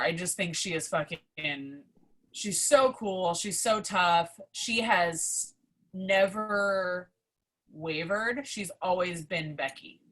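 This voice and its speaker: A young adult woman, a podcast guest, telling a story in a casual, excitable way, swearing often and filling her talk with "like". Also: lowish voice. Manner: excitable, profane, heavy use of "like".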